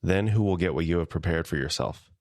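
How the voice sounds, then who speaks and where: Deep-voiced man reading scripture aloud. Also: a little fast, no echo, clean studio sound. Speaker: podcast co-host. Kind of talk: scripture reading and casual discussion.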